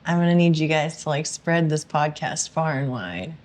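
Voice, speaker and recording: A woman's voice: low-pitched, lively intonation, moderate pace, a little mellow. A woman co-hosting a casual podcast chat, teasing and laughing often. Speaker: podcast co-host.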